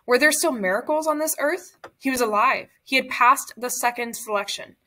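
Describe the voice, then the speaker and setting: A woman reading a memoir aloud in a measured, somber way. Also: high voice, bright, forceful tone. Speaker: reader.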